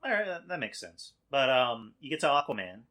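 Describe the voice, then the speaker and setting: A man talking as a podcast guest in casual chat, animated and laughing often. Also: medium pitch, a little fast.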